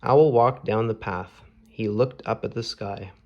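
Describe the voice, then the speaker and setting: A man reading a children's storybook aloud in a slow, measured storytelling manner. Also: lowish voice, vocal fry, lo-fi sound. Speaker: storybook reader.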